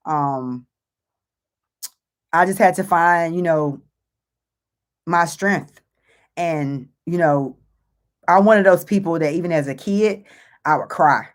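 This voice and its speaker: A woman's voice: low voice, unhurried, long pauses. Earnest woman giving motivational faith talk. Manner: earnest, emphatic, repeats phrases, many fillers. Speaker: host and author.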